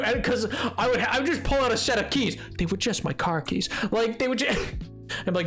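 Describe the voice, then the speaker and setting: High-voiced animated young male streamer. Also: a little fast, faint music behind. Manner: animated storytelling, laughs often, mocking voices. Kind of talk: casual live-stream chat while gaming.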